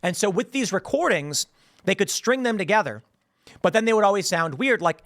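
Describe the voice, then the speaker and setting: A man in his thirties, from the United States, hosting online commentary in a rambling, animated way, often acting out voices. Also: high-pitched, moderate pace, dry recording, studio quality. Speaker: host. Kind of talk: online commentary on a news clip.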